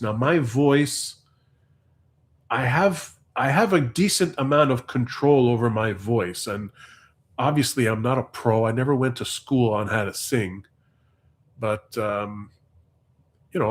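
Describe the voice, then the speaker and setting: A man hosting a long livestream, telling a rambling story in casual chat. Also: mid-range voice. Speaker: livestream host. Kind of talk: casual live stream chat.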